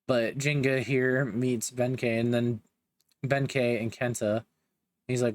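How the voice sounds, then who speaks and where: A man's voice: medium pitch, fairly even intonation, takes it slowly. Joking young man recapping a manga. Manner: joking, slangy asides. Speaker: manga reviewer. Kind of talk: casual recap commentary.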